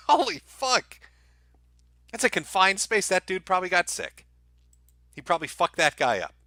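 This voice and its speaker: Male stream host, fairly high and very bright voice, dry close sound, crude and laughing commentary. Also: very animated, measured pace, no echo. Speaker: livestream host. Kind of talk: profane livestream commentary reacting to videos.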